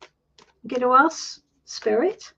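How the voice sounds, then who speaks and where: A middle-aged British woman hosting a live tarot stream, reassuring a viewer in a warm chatty manner and calling her sweetie. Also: high-pitched, animated, slow, vocal fry. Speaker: tarot reader and host. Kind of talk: live-stream coaching chat. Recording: dull lo-fi stream audio.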